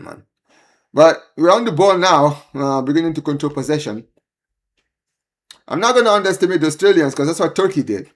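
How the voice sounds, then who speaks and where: Streamer host, male, live match watchalong, excitable fan ranting to chat. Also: medium pitch. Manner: excitable, pleading, exasperated fan rants; chatty, addresses viewers as guys and bro. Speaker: livestream host. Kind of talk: live football watchalong commentary.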